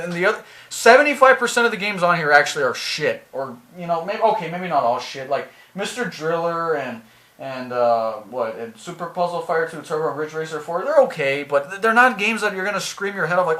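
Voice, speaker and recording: High-voiced man ranting angrily. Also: animated, normal speed, bright, forceful tone. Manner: exasperated, swearing, repeating himself. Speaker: video creator. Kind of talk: angry product rant.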